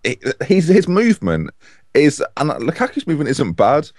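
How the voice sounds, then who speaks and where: A man co-hosting a casual football podcast, animated and opinionated. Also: on the high side, moderate pace, no room sound, studio quality. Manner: animated, opinionated, chatty with restarts. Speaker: podcast co-host.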